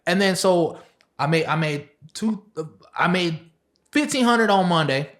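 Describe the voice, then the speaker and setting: A young man, a DJ and chef, chatting as a podcast guest and laughing through his animated stories. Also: high voice, a little slow. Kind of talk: casual podcast chat.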